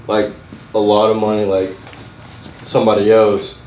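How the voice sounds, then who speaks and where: Young guy asking stuff on a podcast, lowish voice, says like a lot, roomy far mic. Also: flat delivery, normal speed, a little mellow, slight background noise. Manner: questioning, hesitant with many "like"s. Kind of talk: casual roundtable chat. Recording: roomy sound from a distant mic.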